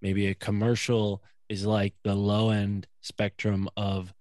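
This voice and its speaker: A man's voice: fairly low pitch, monotone, takes it slowly, a little mellow, no room sound. A man co-hosting a casual podcast chat, rambling through long theories and filling his talk with "like" and "you know.". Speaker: podcast co-host.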